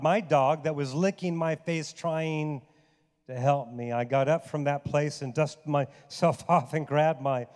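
A man's voice: on the high side, darkish tone. A male pastor preaching a sermon, telling a personal story and building to emphatic, raised passages. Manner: storytelling, rising to emphatic outbursts. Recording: long hall reverb.

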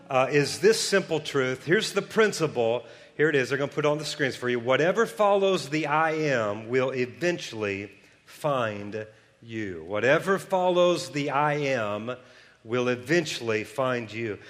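Male pastor, pumped-up sermon delivery, slightly high voice, in a reverberant hall. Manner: energetic preaching, rising to shouts. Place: large church hall.

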